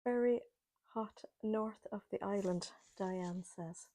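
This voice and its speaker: A woman's voice: mid-range voice, slow pace, dark tone. A woman with an Irish accent hosting a live sewing chat from home, greeting viewers by name and laughing often as she reads their comments. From Ireland. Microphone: laptop or webcam mic, camera angled up.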